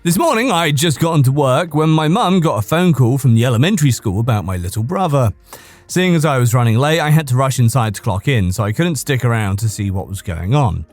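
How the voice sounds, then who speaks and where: A man's voice: mid-range voice, expressive, a little fast, a little mellow, dry recording, faint music behind. A man hosting a podcast, reading online posts aloud in a casual way, now and then cracking up laughing and tripping over words. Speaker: podcast host reading stories.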